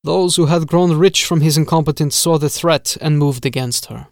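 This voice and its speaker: A man voicing a sinister, formal castle steward who speaks softly and drags out his vowels. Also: on the high side, gravelly, no echo, studio quality. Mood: sinister calm. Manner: soft, measured, drawn-out vowels.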